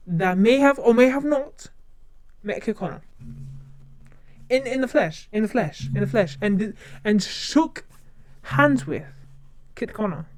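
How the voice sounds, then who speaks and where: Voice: medium pitch, no room sound. A streamer chatting casually to viewers, whose first language is not English, rambling and often repeating and restarting phrases. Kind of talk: casual chat.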